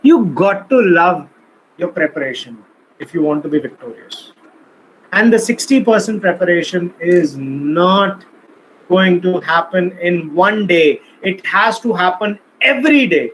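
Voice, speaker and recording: A man's voice: high-pitched, animated, measured pace, fairly bright tone, slight background noise. A man giving a motivational talk on communication skills to an audience in a lecture hall. He is emphatic, acts out example lines and asks the room questions. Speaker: speaker.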